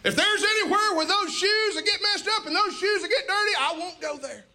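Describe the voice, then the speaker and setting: A man's voice: extremely high pitch, a little fast, pushed and bright, pitched above the performer's own voice, full character voice. A man voicing an eager young child begging a parent for shoes, pleading and breathless. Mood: persuasive.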